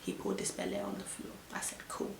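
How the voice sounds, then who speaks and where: A young woman with a London accent telling an animated, indignant storytime vlog full of slang. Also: mid-range voice, brisk, creaky, echoey room, slight background noise. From London, England. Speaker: vlogger.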